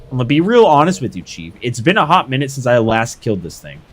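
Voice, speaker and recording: A man's voice: mid-range voice, fast, a little hiss or hum. A young man streaming a game live, hyping up his fights and chatting casually with viewers. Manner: excitable, hyped shouts while fighting.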